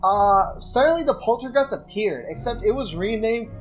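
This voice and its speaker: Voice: medium pitch, animated, moderate pace, faint music behind. A host reading joke horror stories aloud and breaking off for casual, profane commentary, with frequent laughter. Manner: casual, swears a lot, laughs often.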